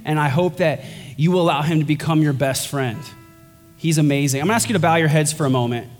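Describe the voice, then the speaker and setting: A pastor preaching a sermon, earnest and emphatic, his voice climbing higher on key points. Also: fast talker. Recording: long hall reverb with faint music.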